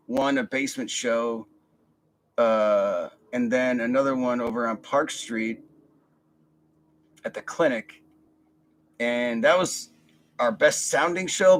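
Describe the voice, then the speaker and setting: A man's voice: mid-range voice, a bit bright, poor audio. A middle-aged man, telling rambling, profane stories on his podcast and laughing often. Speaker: podcast host. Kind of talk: casual storytelling monologue.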